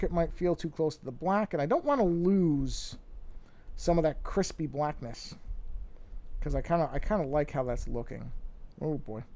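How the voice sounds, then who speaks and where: A man's voice: on the high side, gravelly, warm tone. A man streaming a drawing session, chatting casually and rambling to himself, correcting himself as he works. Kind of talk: casual livestream talk while drawing.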